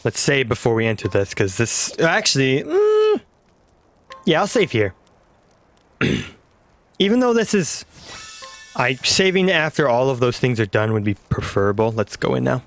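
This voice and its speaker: A man's voice: medium pitch, big pitch swings, a little slow, pauses often, faint music behind. A man casually commenting on a video game he plays, rambling and trailing off. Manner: rambling, chuckling, trails off mid-sentence. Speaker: let's play host.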